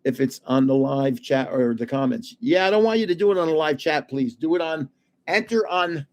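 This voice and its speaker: The audio is dull as an older man hosts a late-night card giveaway stream, his slightly high, somewhat mellow voice moving at a moderate pace with lively intonation. Tired and chatty, he rambles, chuckles often and restarts frequently.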